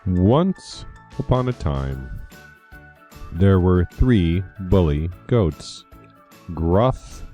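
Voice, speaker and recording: Slow low-voiced man reading a story. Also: sing-song, mellow, soft background music. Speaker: educator reading a picture book aloud. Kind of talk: storybook read-aloud.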